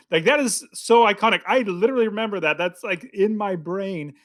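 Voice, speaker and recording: A man with a fairly high voice co-hosting a podcast, talking in a loose, excitable ramble. He leans on fillers and restarts as he chats casually about a film. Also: a little fast, hardly any pauses. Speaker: podcast co-host. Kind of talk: casual movie review chat.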